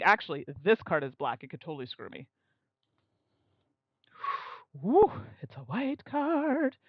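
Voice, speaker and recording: A woman's voice: on the low side, dry recording, muffled recording. A young woman chatting casually as she streams a solo board game, talking through her moves and laughing at herself. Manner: chatty, self-mocking, quick to laugh. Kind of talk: casual live-stream commentary.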